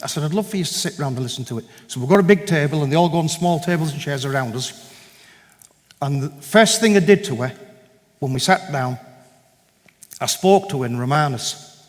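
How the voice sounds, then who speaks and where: A man's voice: on the high side, a little fast, long pauses. Man telling a testimony in an echoey hall. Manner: animated storyteller who acts out dialogue. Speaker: guest speaker giving a testimony. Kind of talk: personal testimony storytelling. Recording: echoey hall with long reverb.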